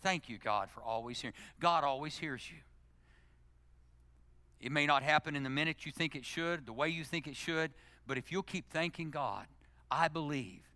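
A middle-aged male pastor delivering a sermon, swinging from loud, emphatic exhortation to hushed, intimate prayer. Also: mid-range voice, no echo. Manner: animated preaching, climbing to loud emphasis then dropping to hushed, intimate prayer.

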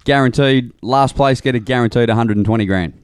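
A man's voice: medium pitch, fairly quick, smooth, no echo, studio quality. A man hosting a casual chat, explaining things steadily at length with fillers. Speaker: podcast host.

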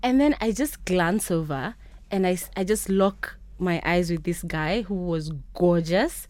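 A young woman from Kenya, a guest in a radio studio, telling stories in a chatty, animated way. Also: lowish voice, a little slow, no room sound. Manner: chatty, animated storytelling with quoted voices. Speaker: podcast host and interview guest.

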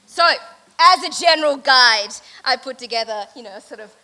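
A woman giving a satirical mock lecture at an event, delivering it deadpan and mock-earnest with many fillers. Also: sits high, moderate pace, poor audio. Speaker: event speaker.

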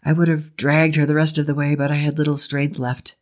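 A man's voice: fairly high pitch, monotone, fairly quick. Man reading a horror story steadily. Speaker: narrator.

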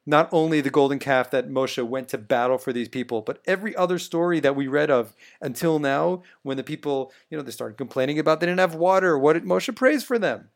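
A man's voice: on the high side, fairly quick, vocal fry, hardly any pauses. A man co-hosting a conversational Torah study podcast, explaining verses and putting questions to his co-host.

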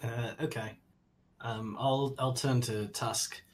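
A man speaking as a player in a tabletop game, halting and hesitant with many fillers. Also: mid-range voice, steady tone, a little hiss or hum. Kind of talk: playing a character in a tabletop game.

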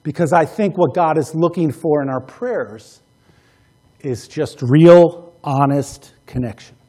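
A male pastor preaching a sermon, emphatic, repeating key phrases and swinging between loud passages and hushed ones. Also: a little high, slow pace, slightly rough.

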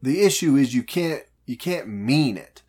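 A man co-hosting a casual chat, recapping a movie and acting out its characters in quick voice shifts. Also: medium pitch, expressive, darkish tone, slightly rough. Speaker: podcast co-host.

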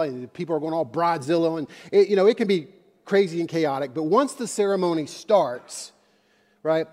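A man's voice: fairly high pitch, expressive, moderate pace, darkish tone. A man preaching a sermon as a pastor, with impassioned emphasis and conversational asides, in a church sanctuary. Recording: long hall reverb.

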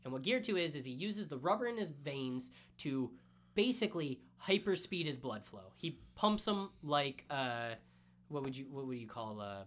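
A man co-hosting a podcast, excitedly retelling a story in casual chat and swearing freely. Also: mid-range voice, normal speed. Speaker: podcast co-host. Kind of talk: casual anime recap chat.

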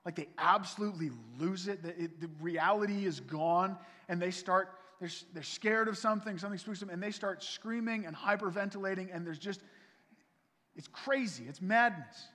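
High-voiced pastor preaching in a reverberant hall. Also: male voice, normal speed. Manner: earnest, pleading, swells louder then drops soft. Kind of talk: sermon. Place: church sanctuary. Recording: long reverb from a church hall.

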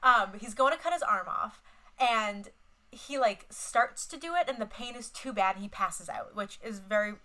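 A woman's voice: on the high side, moderate pace, bright, forceful tone, poor audio. A young woman co-hosting a podcast, chatting casually and retelling film scenes with lots of fillers and swearing. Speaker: podcast co-host. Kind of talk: casual chat.

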